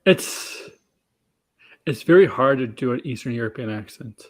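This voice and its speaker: A man's voice: medium pitch, expressive, moderate pace. A man co-hosting a casual chat show, rambling with restarts and frequent laughs. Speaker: podcast co-host.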